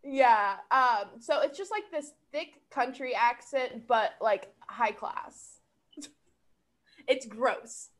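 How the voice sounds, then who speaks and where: A woman's voice: fairly high pitch, slow pace. A woman chatting casually, giggly, wry and crude. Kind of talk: casual chat.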